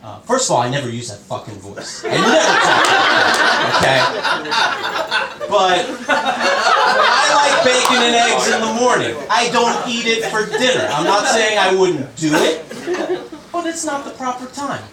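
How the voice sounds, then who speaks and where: A man doing a stand-up comedy set, telling self-mocking stories in a relaxed conversational way. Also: high-pitched, unhurried, heavy background noise. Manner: conversational storytelling, self-mocking, mimics others in quoted bits. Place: comedy club stage with a laughing audience. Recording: roomy club sound, mic far off, loud audience laughter.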